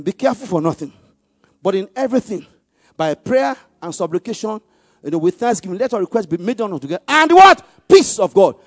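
Male preacher, sermon, call-and-response, loud bursts on key words, high voice, dry close sound. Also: dry recording. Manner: animated call-and-response, leads the congregation to repeat verses.

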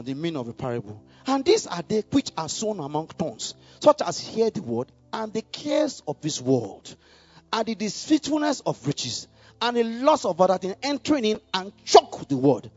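A man preaching a sermon, building to loud emphatic bursts and checking in with the congregation. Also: husky. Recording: muffled low-fidelity recording with faint music.

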